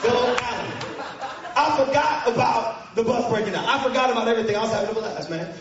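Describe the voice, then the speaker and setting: A man telling a funny story to an audience of students, animated and mocking, shouting for effect. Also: very high voice, fast talker. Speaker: speaker to students. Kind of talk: comic storytelling to a live audience. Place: large hall with an audience. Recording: echoey hall from far off, muffled, crowd.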